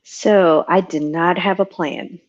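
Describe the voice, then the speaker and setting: Guest: middle-aged woman, very low voice, relaxed and rambling, slightly muffled audio. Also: slow. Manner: rambling, many ums, laughs at herself. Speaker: guest, retired Navy chief petty officer. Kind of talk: relaxed storytelling interview.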